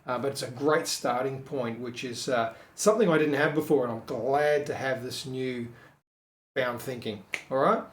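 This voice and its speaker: A man casually walking through a screen-share design tutorial, thinking aloud with frequent ums and quick self-corrections. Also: medium pitch, fairly even intonation. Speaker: web designer teaching a tutorial. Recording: echoey room.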